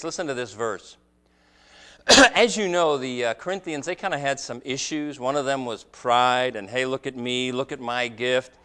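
A man's voice: a little high, a bit bright. A man preaching a sermon as pastor, asking rhetorical questions and stressing words dramatically. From United States.

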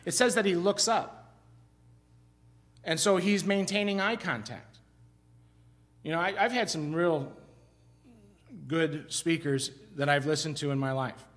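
A middle-aged man from Iowa preaching a sermon in a conversational, animated way, often restarting his sentences. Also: fairly high pitch, measured pace, long pauses. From Iowa, USA. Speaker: pastor.

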